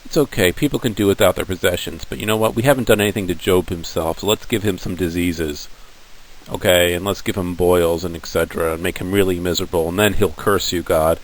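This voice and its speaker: A sly devil who needles and taunts in a low, casual voice, as a male teacher plays him. He sounds goading and mocking. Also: steady tone, fast, a little hiss or hum, rough recording. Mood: taunting.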